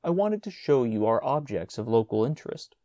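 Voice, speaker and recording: A man's voice: mid-range voice, very animated, brisk, warm tone, no room sound, highs cut off, close to an everyday voice. A man voicing an easygoing school chaplain who explains things soothingly, in an audiobook story. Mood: friendly. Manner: soothing, reasonable.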